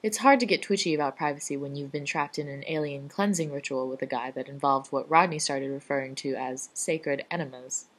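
A woman reading a fan-written story aloud in a dry, even storytelling manner. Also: deep voice, a little fast, hardly any pauses. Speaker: fan fiction reader.

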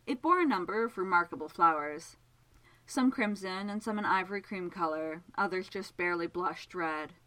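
A woman narrating a story aloud in a gentle, measured, expressive way. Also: on the low side, low-quality recording. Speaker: reader.

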